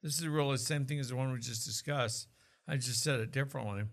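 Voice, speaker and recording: A man's voice: mid-range voice, fairly even intonation, quick pace. A man from Oklahoma talking casually about health as a co-host, explaining with asides and jokes. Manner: chatty, explanatory, jokes and restarts.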